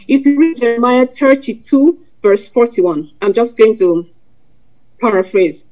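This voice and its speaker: A woman with a fairly high voice preaches a sermon, earnest and conversational, weaving scripture quotes into plain talk to her congregation. The recording is dull and lo-fi. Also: a little slow, a little mellow. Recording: lo-fi dull sound.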